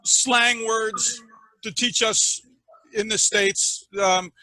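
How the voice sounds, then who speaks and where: High, bright-voiced hesitant male interviewer. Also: sing-song, gravelly, dry recording, poor audio. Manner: halting, searching for words, many ums. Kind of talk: interview questions.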